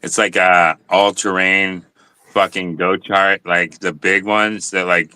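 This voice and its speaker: Very deep-voiced laid-back man swearing. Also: flat delivery, bright, forceful tone, smooth, no echo. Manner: laid-back, profane, halting storytelling. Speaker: host. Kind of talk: casual chat.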